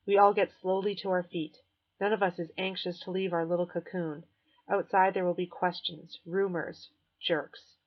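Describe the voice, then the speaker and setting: A woman reading a novel aloud in first person as an audiobook narrator, measured and clear. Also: fairly low pitch, flat delivery. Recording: dull lo-fi recording.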